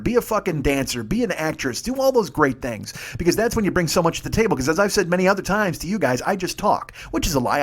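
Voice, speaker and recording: A man in his fifties talks fast and rambles through a profane comic monologue, swearing freely. His voice sits high for a man and swings widely in pitch. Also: breathy edge. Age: 50s. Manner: rambling, swearing, animated storytelling. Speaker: podcast host.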